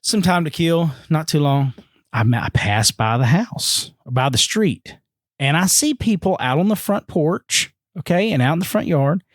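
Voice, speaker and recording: A man tells a story in a casual podcast chat and acts out each person he quotes. His pitch swings widely as he talks. The close mic sounds dry, with no room around it. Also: a little slow, no echo. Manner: animated, acts out quoted voices with big pitch jumps. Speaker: podcast guest.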